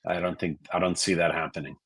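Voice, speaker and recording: A man, a rabbi, answering interview questions in a measured way, often hedging with "um" and "I think". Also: low-pitched, flat delivery, a bit bright, breathy edge, no room sound. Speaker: rabbi, guest.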